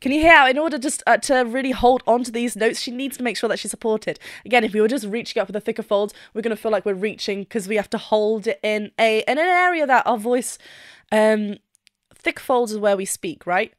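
A woman's voice: fairly high pitch, a little fast, no room sound, clean studio sound. A woman vocal coach reacting to a singing performance and analysing the technique, eagerly breaking into short sung examples as she explains. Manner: enthusiastic, demonstrates notes by singing snippets.

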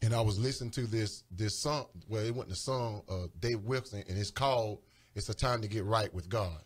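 A man with a lowish voice speaks a little fast on a studio radio show, preaching with mounting fervor and pleading urgency. His voice rises as he begs his listeners, in impassioned religious talk captured on a studio microphone.

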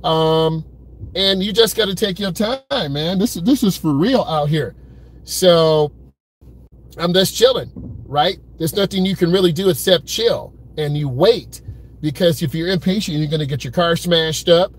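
A man talks to his viewers from behind the wheel in an easygoing live-stream chat. His voice sits fairly high, and his manner stays relaxed, direct and conversational. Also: unhurried. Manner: laid-back, talks straight to viewers, repeats "keeping it real". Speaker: driving vlogger. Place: in a car at an airport pickup lane.

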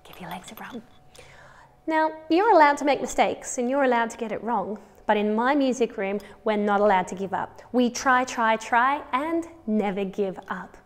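A woman's voice: on the high side, normal speed, hardly any pauses, big-room sound, a little hiss or hum. A woman with an Australian accent teaching a children's music lesson, counting patterns aloud and encouraging the class.

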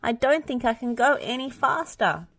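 A woman's voice: on the high side, animated, moderate pace, a bit bright, no room sound, voice pushed up. A woman voicing a spluttering male digger vehicle in a storybook. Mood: straining. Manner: spluttering, strained. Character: straining male digger, eager but puffed out.

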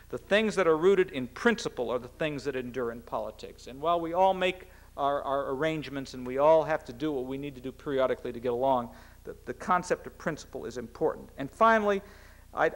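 A middle-aged American cabinet secretary delivers a formal speech. His voice sits a little high for a man, and he talks in an earnest, measured way. Now and then he stumbles and restarts a phrase. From United States.

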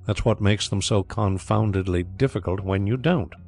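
A man voicing a brisk, blustery, skeptical gentleman investigator in an audiobook. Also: on the low side, faint music behind. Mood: insistent.

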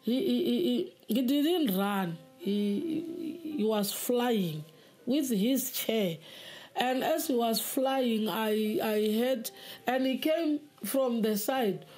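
Woman, earnest testimony, halting repeats, faint music. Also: a little high, animated, a little mellow. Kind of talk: spoken testimony.

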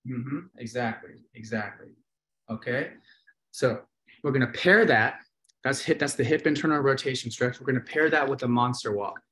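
A man's voice: mid-range voice, normal speed, a bit bright. A man hosting a live webinar, coaching hip exercises in an encouraging, easygoing way. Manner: encouraging, easygoing, repeats cues.

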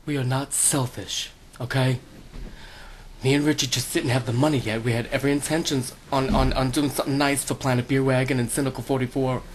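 A man's voice: mid-range voice, fairly even intonation, brisk, slight background noise, natural voice. A man voicing a touchy woman vlogger who talks back in a defensive, exasperated way.

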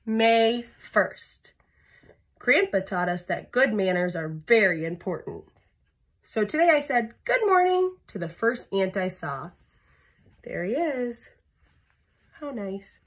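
Woman storyteller for a kids' picture book: slow, breathy, playful with sound effects. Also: mid-range voice, animated, a bit bright. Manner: chats to young listeners between pages. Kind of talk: children's read-aloud storytime.

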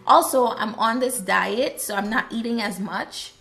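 A woman from Trinidad and Tobago chatting casually to her viewers in a vlog, animated and lively. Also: on the high side, a little slow, creaky, faint music behind. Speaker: YouTuber. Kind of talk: casual vlog chat to camera.

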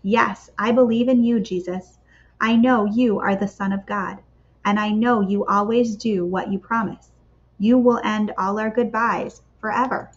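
Martha, a grieving but faithful woman from a children's storybook, as a woman reads her aloud. The voice is earnest and pleading and sits at a middle pitch. The recording is slightly dull and lo-fi. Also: steady tone, measured pace, close to an everyday voice.

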